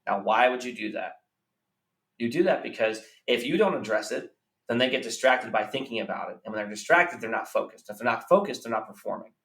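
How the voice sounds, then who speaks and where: Animated and a little fast, this man talks at a medium pitch with a fairly bright tone. As a business coach guest on a podcast, he offers earnest business advice and repeats key phrases for emphasis, recorded on a roomy, slightly distant mic.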